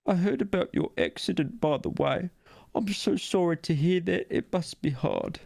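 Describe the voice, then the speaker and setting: A man putting on a squeaky overexcited goose. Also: big pitch swings, normal speed, vocal fry, a little mellow, no room sound, clean studio sound, full character voice. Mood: fussy. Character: excitable, touchy, small male goose host.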